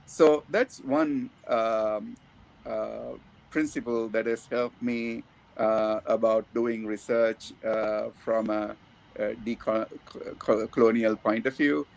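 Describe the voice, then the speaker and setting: A man from Sri Lanka with a Sri Lankan English accent, giving a thoughtful academic talk with many pauses and fillers. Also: fairly low pitch, fairly even intonation, creaky. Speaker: academic speaker.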